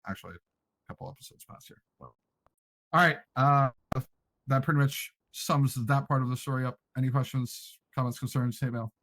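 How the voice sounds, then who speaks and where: Casting: mid-pitched man, dry close sound, relaxed lore recap for fellow players. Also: dry recording, low-quality recording. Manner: easygoing, measured recounting. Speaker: player recounting the story lore. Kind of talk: storytelling recap in a voice chat.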